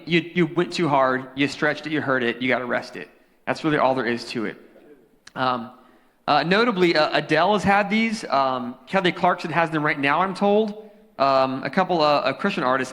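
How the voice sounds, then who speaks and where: A young male youth pastor tells a story from the pulpit in a relaxed, joking sermon, his voice sitting a little high for a man. He talks into a handheld microphone, and the sound rings with long reverb through the church sanctuary. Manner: casual storytelling, animated and joking.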